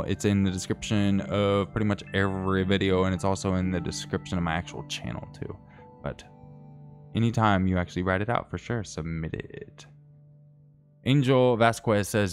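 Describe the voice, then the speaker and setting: A man with a very low, deep voice chatting casually on a live stream, rambling and joking at his own expense. Faint music plays softly behind him. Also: normal speed. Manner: rambling, joking, self-deprecating.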